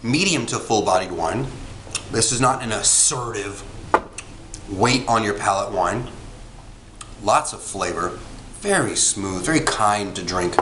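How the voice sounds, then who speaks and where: A man's voice: on the low side, expressive, unhurried, long pauses. A man casually reviewing a wine, chatty and rambling, with frequent ums and self-corrections. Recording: echoey room with faint background noise.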